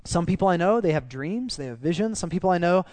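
Man, pastor, sermon, animated delivery, quiet emphatic drops, higher-pitched, dry sound. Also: quick pace, no echo.

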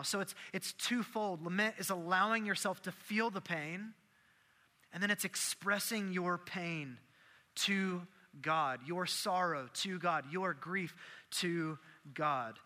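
A man preaching a sermon, animated and acting out the prayers and voices he quotes. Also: sits high, slow, in a large hall. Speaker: pastor.

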